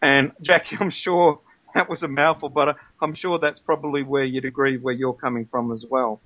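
A male radio show host in an interview, talking in an earnest, measured, reasoning way and reading scripture aloud. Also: mid-range voice, steady tone. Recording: dull lo-fi radio audio.

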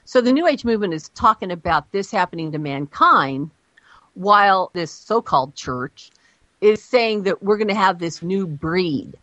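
Female radio guest with a lowish voice, earnest and explanatory, on dry, muffled audio. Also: expressive, moderate pace, fairly bright tone, dry recording. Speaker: guest, Christian journalist. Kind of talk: radio interview.

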